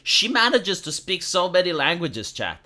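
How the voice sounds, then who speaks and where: Romanian-accented male streamer, sarcastic rant, bright forceful tone. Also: high voice, sing-song, normal speed. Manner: sarcastic, filler-heavy, ranting. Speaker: live streamer. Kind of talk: casual political rant.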